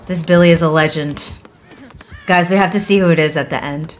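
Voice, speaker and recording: A young woman streaming a game, excitable and swearing, with bursts of laughter. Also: sits low, fairly quick, a little hiss or hum. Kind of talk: live game stream commentary.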